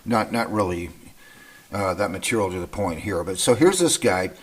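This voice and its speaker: A man's voice: deep voice, expressive, moderate pace, slight background noise. A man giving casual spoken commentary to camera, rambling and digressive, with frequent fillers and restarts. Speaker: political commentator.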